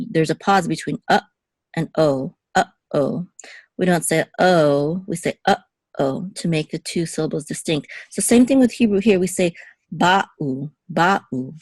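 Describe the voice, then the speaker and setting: A woman with a slightly low voice gives a patient lesson, recorded close up in a dry space. She explains step by step and repeats key words slowly so learners can copy them. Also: a little mellow, no echo. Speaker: Hebrew teacher. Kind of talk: teaching lesson.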